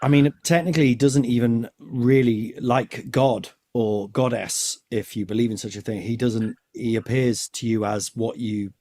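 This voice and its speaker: A man's voice: medium pitch, steady tone, normal speed, few pauses, darkish tone. A man hosts a podcast in easy, rambling chat. He jokes as he goes, with a voice sitting in the middle of the male range. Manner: rambling, chatty and joking. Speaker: podcast host. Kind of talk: casual chat.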